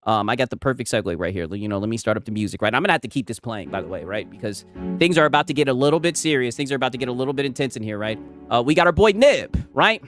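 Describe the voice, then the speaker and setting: Streamer guy rambling n mocking, lively up-and-down voice, music going faintly behind. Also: mid-range voice, racing. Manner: rambling, mocking, frequent "right?" tags. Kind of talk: casual livestream commentary. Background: music playing.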